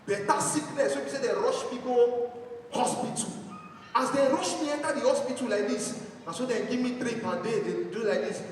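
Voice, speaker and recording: A man with a Nigerian accent performing a stand-up comedy set, telling animated stories and acting out his family. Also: extremely high pitch, moderate pace, slight background noise. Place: church hall stage. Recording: echoey hall from far off.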